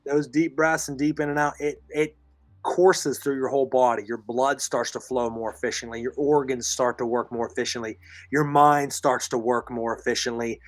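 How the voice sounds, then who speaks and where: He's a podcast co-host whose medium-pitched voice is giving out, delivered at normal speed with fairly even intonation. Going through listener comments, he coaches emphatically and repeats phrases. The recording is dry and close.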